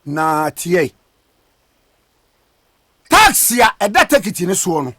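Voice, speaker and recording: A man with a Ghanaian accent hosting radio talk, speaking haltingly with many fillers. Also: high voice, huge pitch swings, bright, forceful tone, no room sound, clean studio sound. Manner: hesitant, many fillers, short interjections. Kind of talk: radio talk mixing Twi and English.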